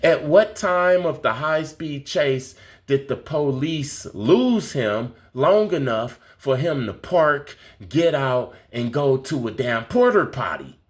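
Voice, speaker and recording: A man delivering a spiritual conspiracy monologue, slow, emphatic and repetitive. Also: mid-range voice, animated. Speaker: conspiracy vlogger.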